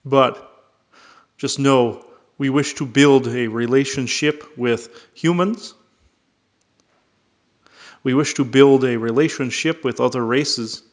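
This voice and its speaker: A man voicing a tall male alien trader in a halting, formal way with a faintly Russian-like accent. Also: mid-range voice, fairly bright tone, lightly acted. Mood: solemn. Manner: slow, halting, formal phrasing.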